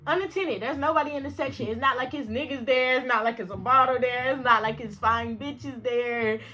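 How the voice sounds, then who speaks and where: Bright animated young woman telling a story. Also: fairly quick. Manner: animated, slangy, acts out dialogue with big pitch jumps and laughs. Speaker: vlogger. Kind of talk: storytime vlog.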